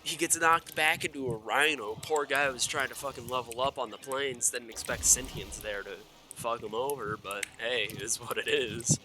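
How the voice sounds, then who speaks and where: A young man rambling excitedly about a video game, swearing a lot and stumbling over fillers and self-corrections. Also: mid-range voice, normal speed, few pauses. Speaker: gaming video creator. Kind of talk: excited, rambling gaming commentary.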